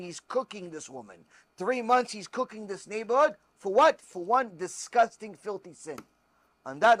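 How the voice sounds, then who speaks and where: A rabbi teaching religious law and telling stories, emphatic and repetitive. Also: male voice, sits high, dry recording. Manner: emphatic, repetitive, animated storyteller.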